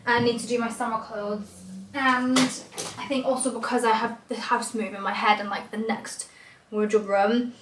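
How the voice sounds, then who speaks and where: A woman's voice: on the high side, little pitch movement, moderate pace, a bit bright, echoey room, poor audio. A young woman in casual chat to camera, rambling with lots of "like", filming herself on a phone outdoors on a walk. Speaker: lifestyle vlogger.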